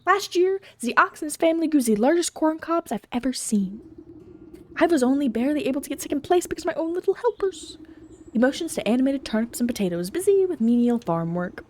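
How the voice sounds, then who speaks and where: A chatty, suspicious rival farmer from a cozy game, gossiping quickly about a neighbor , as a woman streamer reads him out. The voice sits a little higher than her usual one, and the lines come out fast and nosy. Faint background noise lingers. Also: very animated, a little mellow. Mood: gossipy.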